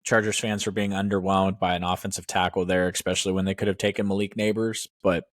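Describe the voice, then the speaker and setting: A man with a low voice argues his points bluntly and with conviction. It is casual podcast talk, close to the mic, with a dry sound and no echo. He sometimes rushes through a thought. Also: level tone. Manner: blunt, opinionated, sometimes speeds up. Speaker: podcast co-host. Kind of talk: casual sports chat.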